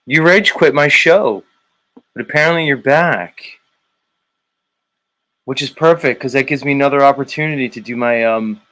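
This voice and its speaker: A male livestream host greets viewers and reads their comments aloud in a casual, teasing, drawn-out, laid-back manner. His mid-range voice has a sharp tone, and the recording quality is low.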